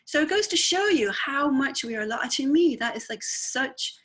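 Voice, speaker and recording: A woman's voice: sits high, animated, normal speed, a bit bright. A woman who works as a spiritualist medium, talking in a chatty, rambling way and often checking with "right?". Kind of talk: conversational talk.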